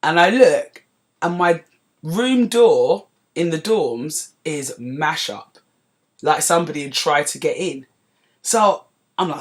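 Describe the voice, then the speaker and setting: A woman in her forties from North London with a London accent, hosting a podcast and telling a story in a lively, chatty way with asides to her listeners. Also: low voice, normal speed. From North London, England. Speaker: podcast host. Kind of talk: casual storytelling monologue.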